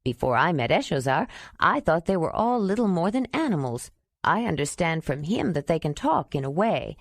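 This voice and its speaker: A woman's voice: sits low, sing-song, moderate pace, dry recording, exaggerated voice. A woman reading as a wondering cave leader. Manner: exclaiming, wondering.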